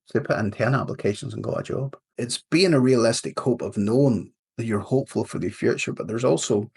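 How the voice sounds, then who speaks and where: A man's voice: mid-range voice, fairly quick, vocal fry, husky. A man from Northern Ireland with a Northern Irish accent, a leadership coach talking as a podcast guest and telling a story. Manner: storytelling, animated quotes in a fable. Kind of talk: casual interview talk.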